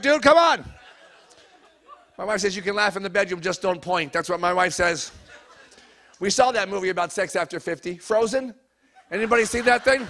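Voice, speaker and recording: A man's voice: high-pitched, vocal fry, sharp tone, a little hiss or hum. A middle-aged man doing a stand-up comedy routine in a church hall, teasing the live audience between jokes. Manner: crowd work, teasing the audience.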